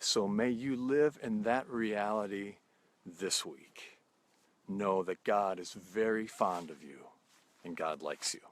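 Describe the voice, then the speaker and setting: Slow, low-voiced man giving a gentle sermon. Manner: gentle, unhurried storytelling with soft pauses. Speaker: pastor. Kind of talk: outdoor video sermon, storytelling. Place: outdoors at sunrise.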